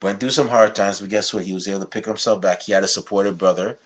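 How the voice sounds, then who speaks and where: Animated male podcast host, casual. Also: lowish voice, fast talker. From Guyana. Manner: animated, laughing while putting on a playful accent. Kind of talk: casual interview chat.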